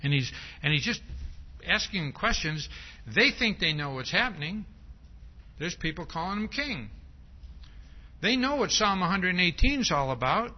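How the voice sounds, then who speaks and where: A man's voice: high voice, big pitch swings, moderate pace, pauses often. A man preaching a sermon, stressing his points with a repeated "see?" and acting out quoted lines. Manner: frequent rhetorical "see?"; emphatic, acts out quoted speech. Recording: dull lo-fi recording.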